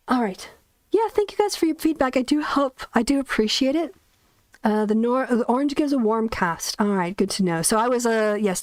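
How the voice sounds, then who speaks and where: A woman's voice: medium pitch, a little mellow, no room sound. A woman hosting a casual livestream from her bedroom, chatting in a rambling way and laughing often. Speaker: host. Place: bedroom, sitting on bed. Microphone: soundproofed desk mic.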